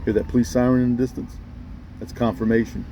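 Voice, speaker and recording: A man's voice: mid-range voice, little pitch movement, fast talker, mellow, slight background noise, low-quality recording. A man ranting straight at his viewers in a blunt, scolding way, often pressing them with "okay?". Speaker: vlogger addressing viewers. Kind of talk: ranting monologue to camera.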